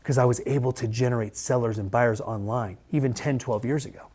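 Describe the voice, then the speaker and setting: A middle-aged man recounts his own story straight to the camera, earnest and conversational. He is a lender turned coach, and he leans on repeated phrases for emphasis. His voice sits at an ordinary pitch for a man. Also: fairly even intonation, fairly quick, a little mellow, slightly rough. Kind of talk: personal story told to camera.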